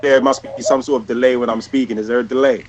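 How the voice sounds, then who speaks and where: A man's voice: medium pitch, steady tone, quick pace, noisy background. A man co-hosting a casual podcast, talking hesitantly with many restarts and repeated words. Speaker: podcast co-host. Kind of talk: casual chat.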